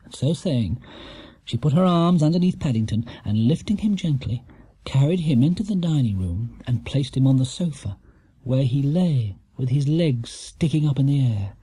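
Expressive male narrator for a children's audiobook, husky and dry. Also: medium pitch, moderate pace, no room sound. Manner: lively, expressive. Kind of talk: children's storybook reading.

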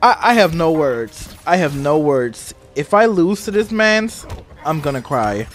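A gaming streamer reacting live to a fighting game, with loud, profane trash talk and sudden high squeals. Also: sing-song, a little slow.

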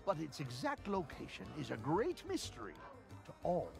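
An actor playing a talkative male pirate barkeep telling island lore in a video game, in a gravelly storytelling manner. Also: a little high, wildly swooping pitch, moderate pace, exaggerated voice. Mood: yarn-spinning. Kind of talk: video game character dialogue. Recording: game audio with music behind.

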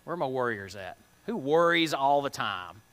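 Man teaching kids in a bright, ringing voice. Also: medium pitch, very animated, moderate pace. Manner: chatty, asks kids questions, plain slangy words. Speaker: kids' church teacher. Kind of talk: children's Bible lesson. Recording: long reverb of a large hall.

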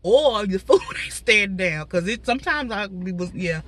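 A woman's voice: mid-range voice, animated, unhurried. A woman vlogger chatting casually to her viewers from inside a parked car. Her voice is slightly stuffy from a cold, and she talks straight to the audience with lots of asides. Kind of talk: casual talking mukbang chat.

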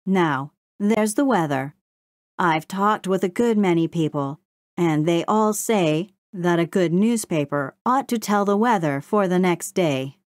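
A woman reading a storybook and voicing a polite, earnest male beaver who speaks calmly and matter-of-factly. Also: fairly low pitch, unhurried, no echo.

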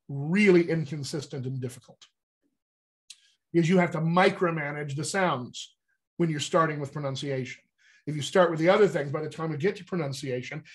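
Brief: male dialect coach, slightly high voice, lively and chatty, explains things like a teacher. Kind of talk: casual explanatory teaching talk.

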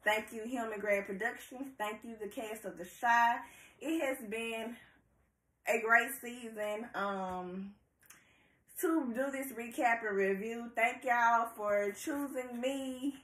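A bubbly woman chats to her viewers, her voice bright and fairly high. She speaks slowly and laughs often. The sound echoes around a room at home. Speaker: YouTube reviewer. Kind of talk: excited casual vlog.

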